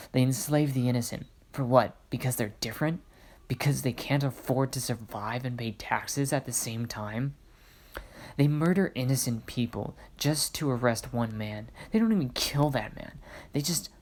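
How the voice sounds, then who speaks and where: A man voicing a worn-out young male hero in a fan-made story, reading his lines quietly and half-whispered. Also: mid-range voice, lightly acted.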